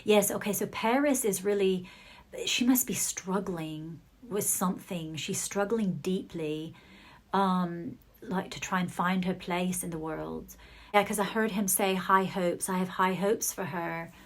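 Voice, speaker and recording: A woman's voice: on the low side, unhurried. Hesitant woman giving a psychic reading. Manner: hesitant, relaying what she hears in bursts. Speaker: psychic reader.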